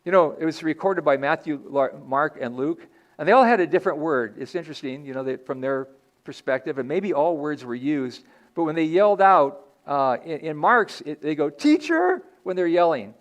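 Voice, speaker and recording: A man's voice: a little high, normal speed. A man preaching a sermon in a church as pastor, earnest and conversational, often restarting his sentences.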